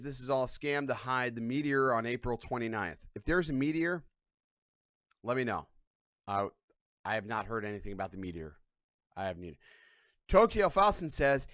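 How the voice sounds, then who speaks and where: A man's voice: mid-range voice, fairly bright tone, no room sound, studio quality. A man hosting a casual live stream, rambling in a profane, irreverent way from his couch at home. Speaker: livestream host.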